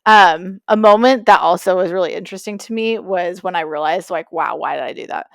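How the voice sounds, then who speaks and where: A woman's voice: on the low side, a little fast, gravelly, dry recording, studio quality. A young woman co-hosting a podcast, chatting casually and acting out quoted lines as she tells a story. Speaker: podcast co-host. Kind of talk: casual chat.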